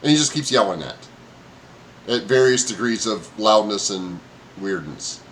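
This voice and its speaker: A man narrating as game master in a tabletop game, halting with many ums and uhs and laughing often. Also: fairly low pitch, lively intonation, a bit bright, slight background noise.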